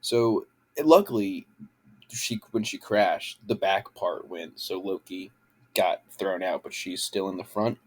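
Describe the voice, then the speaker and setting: A man's voice: low voice, slow, breathy edge. A young man ranting about a show in a casual home vlog, swearing and rambling with lots of fillers into a handheld camera. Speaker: vlogger.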